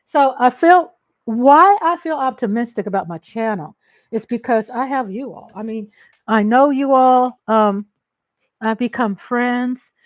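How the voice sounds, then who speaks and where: A woman from Texas with a twang hosts a casual livestream from home. She talks straight to her viewers in an emotional, ranting way, and her voice sits a little high. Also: a little slow. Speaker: livestream host. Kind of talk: casual live-stream chat.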